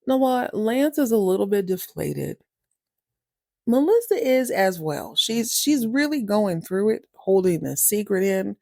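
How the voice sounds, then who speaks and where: A woman's voice: on the low side, creaky, dark tone, dry recording, studio quality. A woman host casually recapping a TV series, chatty and wry, laughing often and acting out the characters' lines.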